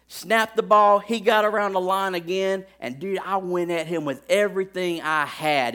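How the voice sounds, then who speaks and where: A man preaching, telling a lively personal story with sound effects and speaking directly to his congregation in a folksy way. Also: high voice, normal speed, hardly any pauses. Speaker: pastor.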